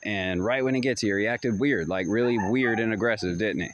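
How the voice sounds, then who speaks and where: A man with a fairly low voice tells a story in an easygoing, slangy way, circling back and repeating himself as he goes. Behind him, dogs bark faintly and fireworks pop in the distance. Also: fairly quick, dull audio, background noise. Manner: rambling and repetitive, loose slangy talk. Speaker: vlogger. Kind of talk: casual storytelling to camera. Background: dogs barking and distant fireworks.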